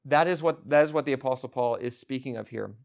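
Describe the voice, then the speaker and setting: A man's voice: mid-range voice, fast talker, gravelly. A man preaching an expository sermon in an earnest, emphatic way, with frequent restarts and fillers.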